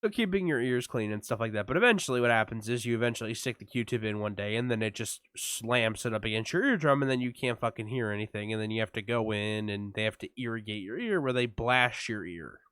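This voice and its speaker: Fairly low and smooth, this man speaks quickly with few pauses in a dry, clean studio recording. As a podcast co-host in casual chat, he animatedly tells a story, swearing often and acting out voices, his mouth numb from dental work.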